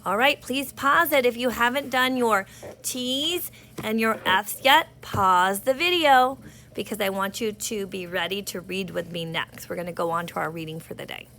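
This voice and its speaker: A woman teaching an early reading lesson, slowly sounding out words for young children. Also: mid-range voice, pushed and bright, a little hiss or hum. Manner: slow, patient, sounding out words, speaks to kids.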